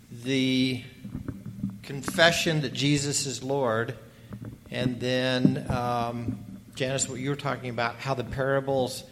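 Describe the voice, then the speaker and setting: A man's voice: mid-range voice, a little hiss or hum. A man speaking in a panel discussion, giving an earnest comment on scripture in an emphatic, preacherly way, with many fillers and restarts.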